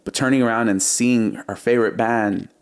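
A man casually telling stories in an interview, lively, acting out beats and quoting others. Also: medium pitch, normal speed, a little hiss or hum. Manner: animated, imitates beats and quotes others. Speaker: music producer guest.

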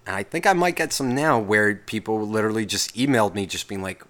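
A man's voice: fairly low pitch, fairly quick, hardly any pauses, fairly bright tone. A man hosting a solo podcast, ranting in a casual, rambling way, swearing constantly and cutting himself off mid-sentence. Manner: profane, rambling, self-interrupting. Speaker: podcast host.

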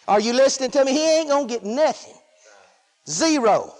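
A man preaching a sermon in a folksy way, swinging between shouted lines and hushed asides. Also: extremely high pitch, very animated, moderate pace, faint music behind. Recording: long hall reverb.

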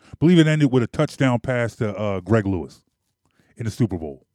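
A man's voice: mid-range voice, big pitch swings, fairly quick, a little mellow, no room sound, studio quality. Emphatic man ranting about sports. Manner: emphatic, repetitive, argumentative. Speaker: sports commentator. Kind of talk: opinionated sports monologue.

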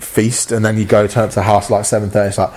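Earnest husky-voiced man preaching. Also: lowish voice, level tone, very fast, a little mellow. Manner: earnest, conversational, with frequent stammered repeats. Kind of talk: sermon.

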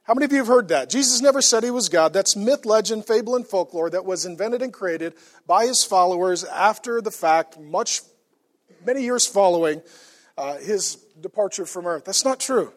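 Male pastor, sermon, fairly high voice, emphatic, hushed then loud. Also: lively intonation, moderate pace.

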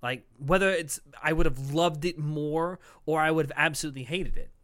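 Bright-voiced young man hosting a podcast. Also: a little high, normal speed. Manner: laughing, joking banter. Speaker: podcast host. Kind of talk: casual podcast chat.

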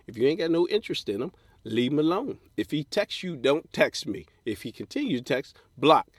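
A man's voice: a little high, big pitch swings, brisk, dry recording. A man hosting a podcast, giving blunt, profane dating advice in a comedic solo rant and mocking people in put-on voices. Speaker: podcast host.

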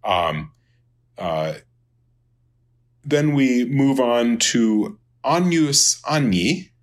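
A man teaching a Latin lesson in an unscripted lecture, halting with many fillers and restarts and dry asides. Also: medium pitch, expressive. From Minnesota, United States.

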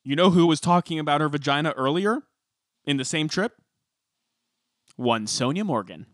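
A man co-hosting a podcast in casual chat, blunt and sardonic, with deadpan asides. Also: fairly high pitch, moderate pace, no room sound, clean studio sound. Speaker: podcast co-host.

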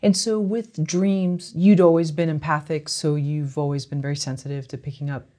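A woman's voice: low-pitched, steady tone, normal speed, warm tone. A woman interviewer asking open, prompting questions that trail off into her guest's answers.

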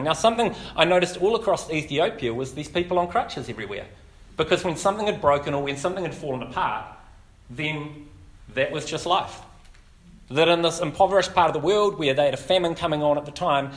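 A New man preaches in an easygoing, conversational way, full of ums and likes. His voice sits a little higher than most men's. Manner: relaxed, chatty, with frequent fillers. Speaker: pastor. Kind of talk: casual sermon.

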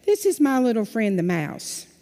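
A woman telling a story at a children's sermon in a church, asking the children lively, coaxing questions. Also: on the high side, normal speed. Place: church sanctuary. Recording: long hall reverb.

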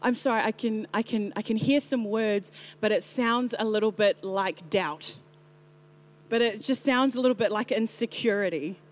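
A woman's voice: mid-range voice, moderate pace, close to an everyday voice. Polite puzzled heaven, as a New Zealand woman puts it on. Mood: politely puzzled. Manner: polite, hesitant, straining to understand.

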